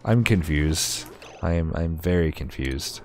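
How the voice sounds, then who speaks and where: Low-voiced guy chatting thru a game stream, swears a lot, mocks himself. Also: animated, measured pace, faint music behind. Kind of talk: casual gameplay commentary.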